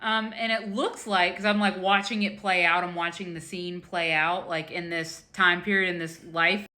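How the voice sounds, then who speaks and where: A woman's voice: fairly low pitch, steady tone, normal speed, pushed and bright. A woman healer telling a story in a casual, chatty way. She says "like" often and acts out the voices of the people she quotes. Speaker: spiritual healer.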